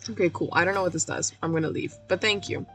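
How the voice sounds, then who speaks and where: A woman streaming a game, her voice going hoarse, rambling in a self-mocking way, cracking puns and laughing at herself. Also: lowish voice, fast talker, soft background music. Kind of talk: casual let's-play commentary.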